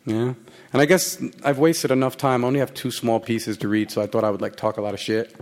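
A man's voice: medium pitch, flat delivery, fairly quick, a little mellow. A man joking profanely with a live audience before reading his work on stage. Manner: profane, joking, crowd-teasing. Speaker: author giving a reading. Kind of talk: casual banter before a reading.

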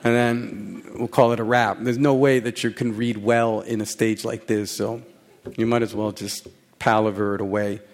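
A man's voice: fairly low pitch, little pitch movement, normal speed, gravelly. A man joking profanely with a live audience before reading his work on stage. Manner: profane, joking, crowd-teasing. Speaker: author giving a reading. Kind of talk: casual banter before a reading.

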